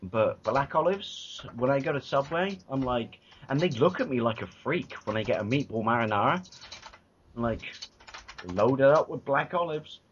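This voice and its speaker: A man's voice: medium pitch, animated, normal speed. A man cracks jokes and swears his way through a casual podcast chat, his voice leaping up and down. He is recorded through a computer mic on a call, so the sound is dull and lo-fi, with a faint hiss underneath. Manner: loud, joking, swearing, sing-song bits. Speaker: podcast co-host. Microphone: computer mic on a video call.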